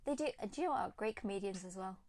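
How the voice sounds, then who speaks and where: A woman's voice: medium pitch, lively intonation, rapid-fire, darkish tone. A woman co-hosting a casual podcast, chatty and giggly, full of "like". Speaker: podcast co-host. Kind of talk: casual chat.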